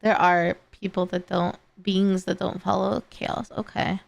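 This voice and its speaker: A woman's voice: mid-range voice, little pitch movement, measured pace, vocal fry. A young woman chatting casually on a live stream, tired and rambling, with many fillers and restarts. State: tired and yawning. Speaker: streamer reacting to videos and chat.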